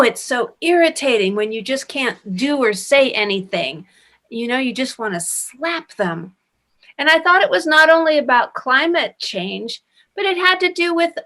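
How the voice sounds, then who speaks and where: A middle-aged woman from France telling stories in a casual interview, animated and given to restarts and emphatic stresses. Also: fairly high pitch. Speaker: actress interviewee.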